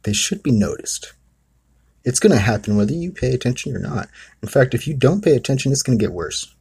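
A man's voice: mid-range voice, animated, fairly quick, gravelly, a little mellow, husky. A man hosting his own talk, telling a made-up story in a rambling, conversational way full of asides. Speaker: host. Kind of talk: casual storytelling monologue.

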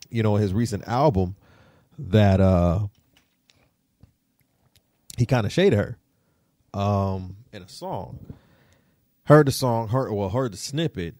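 A man's voice: no room sound, clean studio sound. A man co-hosting a casual pop-culture podcast, teasing and cursing as he riffs straight at a celebrity. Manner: teasing, profane, riffing directly at a celebrity; animated, swings between low mutters and high exclamations. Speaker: podcast co-host.

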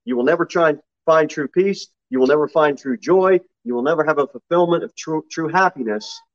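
Pastor preaching a sermon. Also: male voice, fairly quick. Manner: preaches with sudden loud high-pitched mock quotes. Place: church sanctuary. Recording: slightly dull lo-fi sermon recording.

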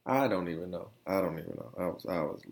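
A man's voice: sits low, animated, fast, vocal fry, a little mellow. A young man hosting a casual solo podcast, rambling and slangy as he tells stories with plenty of animation. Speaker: podcast host.

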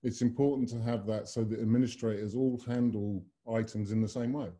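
A man's voice: lowish voice, fairly even intonation, a little fast, dark tone. A man hosting and presenting a webinar over a video call, talking in broad, expansive metaphors. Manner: expansive, fond of extended metaphors. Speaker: webinar host and consultant.

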